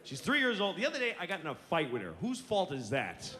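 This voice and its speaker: A man's voice: high-pitched, huge pitch swings, fast talker, in a large hall, noisy background. A man in his forties telling exasperated, self-mocking stand-up stories on stage. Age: 40s. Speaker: stand-up comedian. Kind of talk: stand-up comedy storytelling.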